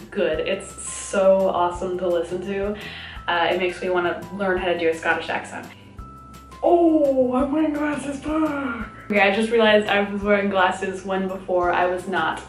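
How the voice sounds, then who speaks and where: A young woman chatting about her monthly favorites in a bubbly, giggly way, recorded at home. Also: medium pitch. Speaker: vlogger. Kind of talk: casual favorites vlog. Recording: echoey room, mic at a distance.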